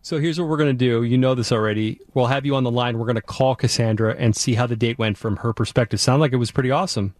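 A male radio host runs the segment with upbeat, joking banter. His voice sits at an ordinary middle pitch. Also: steady tone, fast, hardly any pauses, darkish tone, no room sound, studio quality. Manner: upbeat, jokey, leads the segment. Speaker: radio morning show host.

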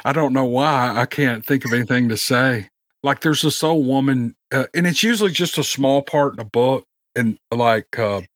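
A man with a Memphis Southern accent talks in a rambling, easygoing way as a podcast guest. His voice sits at a middle pitch. It is recorded dry on his own home microphone. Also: a bit bright, no echo. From Memphis, Tennessee. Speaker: guest, audiobook narrator. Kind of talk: casual podcast chat.

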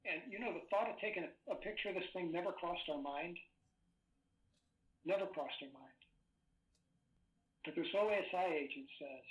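A man's voice: sits high, moderate pace, pauses often, echoey room, rough recording. Older male interview guest, hesitant storyteller full of fillers and restarts. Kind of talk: recounting a personal story in an interview.

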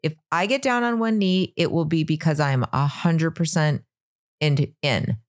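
A woman's voice: low voice, measured pace. A woman co-hosting a podcast in casual chat, recapping a reality show episode. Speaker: podcast co-host. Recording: video call.

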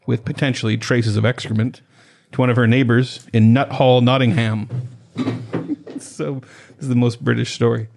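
A man's voice: medium pitch, fairly even intonation, moderate pace, gravelly. A man in a comedy news podcast, reading out odd headlines and riffing on them. His talk is casual and playful, with a middle-range everyday voice. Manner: playful, reads headlines with jokey asides. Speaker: podcast co-host.

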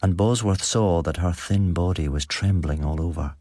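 A man narrating an audiobook in an even, measured storytelling manner. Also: sits low, dry recording, clean studio sound.

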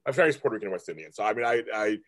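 A man in his fifties from California, hosting a casual chat and talking in a rambling, halting way with many restarts. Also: fairly low pitch, lively intonation, fairly bright tone. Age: 50s. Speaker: host.

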